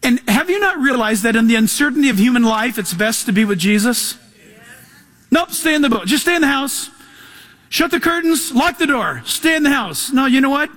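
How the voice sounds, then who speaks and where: A male pastor preaching a sermon, emphatic, swinging between loud passages and hushed ones. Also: extremely high pitch, expressive, normal speed.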